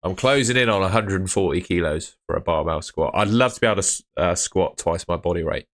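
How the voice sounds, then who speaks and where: Low-voiced chatty man streaming live. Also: a little fast. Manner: chatty, rambling, answers chat by name. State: tired, yawning. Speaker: fantasy football streamer. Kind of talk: casual live stream chat.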